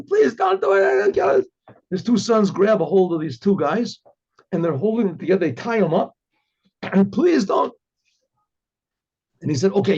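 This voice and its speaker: Raspy gravelly guy telling a story, slightly high voice, keeps clearing his throat, dull lo-fi recording. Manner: animated, acts out the characters' lines with sudden jumps in pitch. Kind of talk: storytelling talk.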